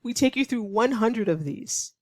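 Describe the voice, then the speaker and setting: A woman teaching English online, explaining clearly and patiently, now and then acting out example lines to show tone. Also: a little high, lively intonation, normal speed, no echo. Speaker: ESL teacher.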